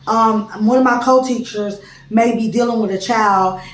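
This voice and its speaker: A woman preschool teacher talks through a class presentation in a relaxed, conversational manner. Her voice sits a little high and comes from some distance off the mic, in a room with echo. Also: moderate pace. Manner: informal, conversational explaining.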